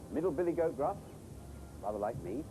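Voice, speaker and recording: A man presenting children's TV, telling a story in a playful, animated way. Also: mid-range voice, moderate pace, background noise.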